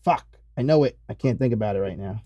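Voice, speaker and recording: A man's voice: on the low side, expressive, quick pace, warm tone, dry recording, highs cut off. A man co-hosting a wrestling podcast, chatting casually in a rambling, profane way and laughing easily. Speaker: podcast co-host. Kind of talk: casual chat.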